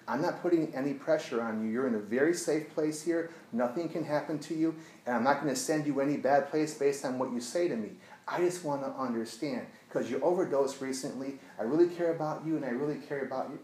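Speaking earnestly to an audience, a man who works as an addiction therapist shares a client's story, lowering to a hushed tone for the retelling. His mid-range voice moves briskly, and the rough recording is reverberant.

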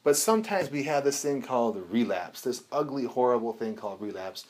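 A man leads a recovery group with an easy, animated way of talking. He tells stories, acting out the voices in his scenes and cursing casually. His voice sits at an ordinary, middling pitch. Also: fairly quick. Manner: animated, acts out dialogue, casual swearing. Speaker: recovery class instructor. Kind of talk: teaching a group, storytelling.

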